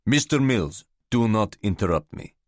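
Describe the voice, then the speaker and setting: Man doing a gravelly Czech businessman. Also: fairly low pitch, expressive, no echo, studio quality, natural voice. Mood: angry. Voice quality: gravelly, broken English. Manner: slow, stern, lecturing. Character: gruff foreign businessman, indignant, accusing.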